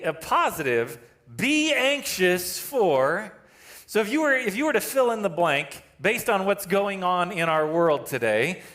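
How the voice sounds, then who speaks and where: High-voiced pastor telling a story. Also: male voice. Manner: animated, self-deprecating storyteller who laughs at himself. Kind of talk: storytelling sermon. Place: church sanctuary.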